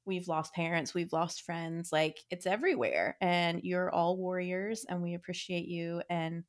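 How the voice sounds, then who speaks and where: A woman's voice: on the low side, steady tone, unhurried. An American woman co-hosting a casual true-crime podcast, chatty and upbeat as she tells the story. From United States. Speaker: podcast co-host.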